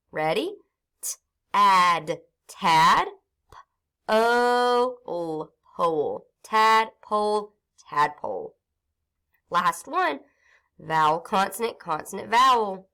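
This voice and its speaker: A reading teacher with a somewhat low voice guides young children through a phonics lesson. She sounds out each syllable slowly and clearly. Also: bright, forceful tone.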